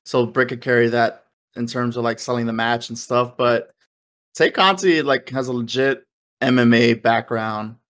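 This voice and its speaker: A man co-hosting a podcast, chatting casually and rambling excitedly, with the odd curse. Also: medium pitch, moderate pace. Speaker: podcast co-host. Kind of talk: casual wrestling podcast chat.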